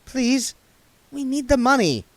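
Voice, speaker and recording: A man's voice: sing-song, measured pace, no echo, heavily acted. A man voicing a prim, practical young woman in a clipped, raised voice, reading a storybook. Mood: snappish. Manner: high clipped voice.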